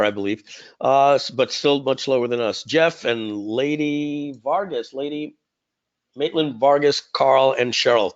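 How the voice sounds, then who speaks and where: A man's voice: mid-range voice, highs cut off. A man hosting a live webinar in a casual, rambling way, with many "uh" fillers, talking into a computer mic. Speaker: webinar host.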